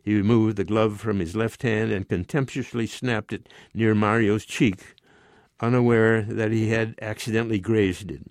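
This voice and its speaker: A man's voice: on the low side, fairly even intonation, moderate pace, no echo. Man in his nineties reading his story. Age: 90s. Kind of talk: reading aloud.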